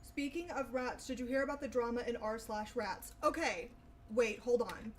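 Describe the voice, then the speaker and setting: A young woman livestreamer chats casually with her viewers, rambling and swearing freely. Her voice is fairly high at a normal speed, with a little hiss or hum in the audio.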